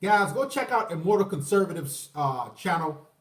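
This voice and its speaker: Man, 30s, profane rambling stream host, high pitch, distant mic with room echo. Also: sing-song, normal speed. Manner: profane, rambling, mocking voices, shout-outs to viewers. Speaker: livestream host. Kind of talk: ranting livestream commentary. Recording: roomy echo, away from the mic.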